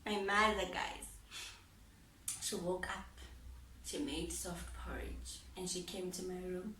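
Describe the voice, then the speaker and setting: A woman's voice: fairly low pitch, steady tone, slow pace, bright, forceful tone, slight background noise. Woman telling a heartfelt story. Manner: heartfelt, repeats phrases, laughs often. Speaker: vlogger. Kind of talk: personal testimony storytelling. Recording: roomy sound, mic at a distance.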